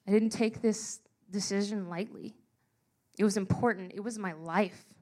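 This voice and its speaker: Young woman, earnest storytelling, emotional, slows for emphasis, mid-pitched voice. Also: steady tone, warm tone. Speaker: speaker sharing a personal story. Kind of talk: personal storytelling talk.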